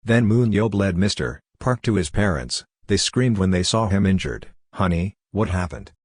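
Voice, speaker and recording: A man narrating a comic story recap in a steady, even scripted read. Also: low voice, moderate pace, breathy edge, dry recording, clean studio sound.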